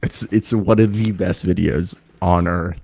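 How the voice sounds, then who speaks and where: A man's voice: deep voice, steady tone, measured pace, vocal fry, a little mellow, breathy edge. A young man co-hosting a podcast in casual, rambling chat, joking, laughing often and swearing, recorded over a remote streaming call. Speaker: podcast co-host. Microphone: remote video call streaming setup.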